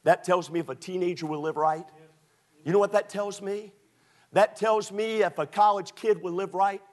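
A man preaching a sermon as pastor, moving from quiet storytelling to shouted exhortation. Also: sits high, steady tone, moderate pace.

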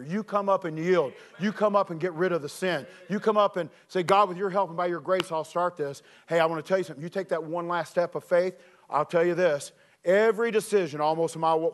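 A man preaching as a youth director, telling a story with animated shouts and earnest appeals. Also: fairly high pitch. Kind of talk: sermon with personal storytelling.

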